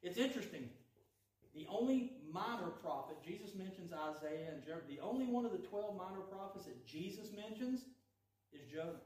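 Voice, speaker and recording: High-voiced preacher in an echoey hall. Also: male voice, brisk. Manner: folksy and animated, acts out quoted lines. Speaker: preacher teaching a Bible study. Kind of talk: conversational sermon with storytelling. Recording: echoey room, voice from a distance.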